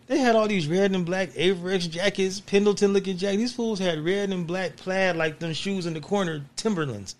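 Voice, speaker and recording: A man's voice: high-pitched, brisk, few pauses. A man from California hosting a podcast, telling stories in casual slang and laughing as he goes. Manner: laughs through stories, slangy, keeps saying "you know what I'm saying". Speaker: podcast host. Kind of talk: casual storytelling chat.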